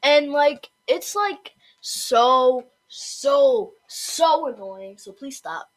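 Brief: young female co-host, a little high-pitched, chatty and giggly. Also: animated, very slow. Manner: chatty, full of fillers, giggly. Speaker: podcast co-host. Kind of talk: casual chat.

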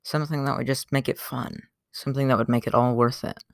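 A man's voice: medium pitch, steady tone, quick pace, vocal fry, dry recording, clean studio sound. A young man hosting a casual solo podcast, rambling with lots of fillers. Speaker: podcast host.

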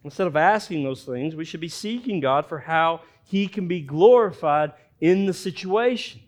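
A man with a fairly high voice preaches a sermon. He reads the scripture aloud and acts out each character's lines in an animated way, pausing to comment. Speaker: pastor.

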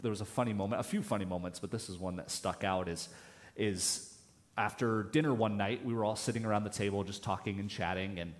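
A man delivers a relaxed sermon in church, his voice sitting a little low. He tells stories casually, often restarting his phrases. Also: fairly quick. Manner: casual, storytelling, many restarts. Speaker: pastor. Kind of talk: conversational sermon.

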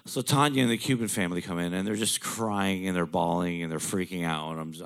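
A man with a very low, deep voice tells a personal story. He talks bluntly, swears freely and slips in dark jokes. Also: steady tone, quick pace, few pauses. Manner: blunt, profane, darkly joking.

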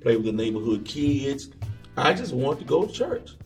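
A man, an evangelist guest on an interview show, tells stories from his life in a relaxed way and acts out the voices of the people he quotes. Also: medium pitch, moderate pace, distant mic. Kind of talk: casual interview storytelling. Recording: echoey room, off-mic, faint music.

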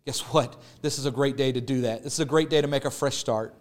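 A man preaching a sermon as pastor. He talks earnestly, repeating phrases and slowing down on key words, and closes in prayer. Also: mid-range voice. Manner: earnest, repetitive preaching cadence with slow emphatic stretches. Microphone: podcast or online service recording.

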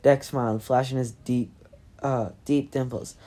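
Give me a woman reading a novel aloud casually, with a low dark voice. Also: steady tone, a little slow. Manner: casual, breaks off with chatty asides. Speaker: reader.

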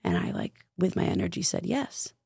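A woman with a low, gravelly voice recounts a personal experience in a relaxed podcast chat. She speaks earnestly and leans on the word "like" throughout. The sound is close and dry, with no room echo. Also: moderate pace. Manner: earnest, heavy use of filler "like". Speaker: podcast guest, spiritual coach. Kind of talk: casual storytelling conversation.

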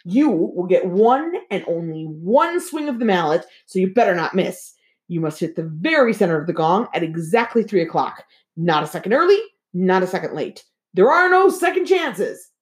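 A woman's voice: fairly low pitch, sing-song, normal speed. A woman reading aloud and voicing a vain, self-important male school principal who barks orders. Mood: commanding.

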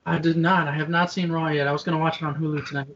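High-voiced, laid-back man on a call. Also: level tone, very fast, a bit bright, far from the mic. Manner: laid-back, laughs often, slangy. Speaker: wrestling podcast co-host. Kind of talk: casual chat over video call. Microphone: video call. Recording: dull lo-fi video call audio.

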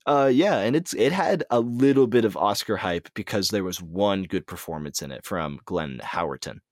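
Man, podcast co-host, low voice, casual chat, hesitant, lots of ums, dry close mic. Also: animated, moderate pace, dry recording. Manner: hesitant, many ums and restarts. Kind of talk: casual chat, relaying movie news.

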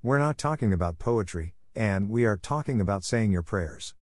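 Man reading a stern old spinster in a storybook, brisk and scolding, low and dry. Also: lively intonation, a little mellow, dry recording. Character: stern strict spinster woman, older, sharp-tongued.

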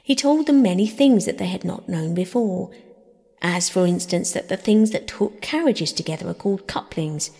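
A woman narrating a classic children's novel as a calm, gentle bedtime audiobook. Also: mid-range voice, moderate pace. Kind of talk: calm scripted narration for sleep. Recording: breathy voice in long reverb.

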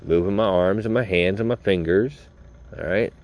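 Low-pitched male podcast host; loose, chatty, informal storyteller who talks right to his listeners. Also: moderate pace, a little mellow. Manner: rambling, informal, swears, talks straight to listeners. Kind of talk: casual storytelling.

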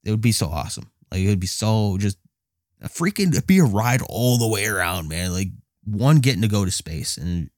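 Excitable man with a low voice. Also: fairly quick, dry recording, clean studio sound. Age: adult with a child. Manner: excitable, laughs often, mimics his own voice in quotes. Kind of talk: casual storytelling.

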